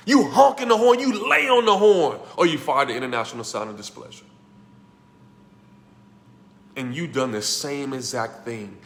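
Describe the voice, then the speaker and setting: Male motivational coach in an echoey room, emphatic and repetitive, shifts between hushed tones and loud bursts. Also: mid-range voice, creaky, slight background noise. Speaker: life coach teaching a masterclass. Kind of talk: motivational class talk.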